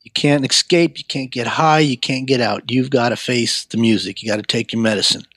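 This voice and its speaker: A man's voice: medium pitch, brisk, a bit bright, husky, no echo. Earnest man telling his life story. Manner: earnest, frequent stammered repeats. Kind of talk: personal testimony storytelling.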